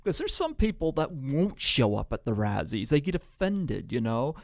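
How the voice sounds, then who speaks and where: A man's voice: medium pitch, big pitch swings, normal speed, no echo, clean studio sound. A man hosting a podcast interview, chatting casually and filling his sentences with "you know" and "like". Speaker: podcast host. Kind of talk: interview chat.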